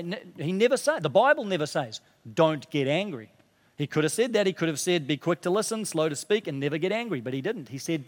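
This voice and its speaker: A male pastor preaching with a fairly high, light voice. He is earnest, sinks to a low hush to drive points home and lifts again when fired up. Long reverb from the church hall trails each phrase. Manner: earnest preaching, drops low and quiet for emphasis, rises when stirred. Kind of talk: sermon.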